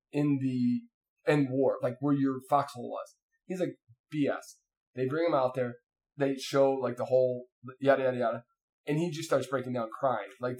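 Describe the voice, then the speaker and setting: A man in casual chat, telling a long story with lots of fillers and restarts. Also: mid-range voice. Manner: rambling, animated, many fillers and restarts.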